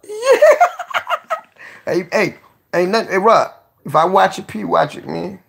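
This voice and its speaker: A man hosting a casual live stream, joking, cursing freely, laughing often and giving shout-outs to viewers. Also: high voice, moderate pace, vocal fry, husky.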